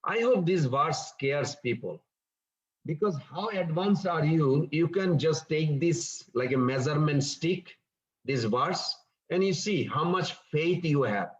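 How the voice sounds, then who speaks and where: A man's voice: fairly high pitch, expressive, slow, lo-fi sound. A man giving a scripture class in an earnest, explanatory storytelling manner. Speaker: scripture teacher.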